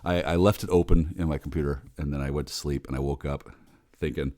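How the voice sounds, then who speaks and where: A man in his forties, rambling in a bitter, sardonic, heavily profane monologue, muttering low and then bursting out loud. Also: fairly even intonation, fairly quick, no room sound, clean studio sound. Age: 40s. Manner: bitter, sardonic, swears a lot. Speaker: vlogger.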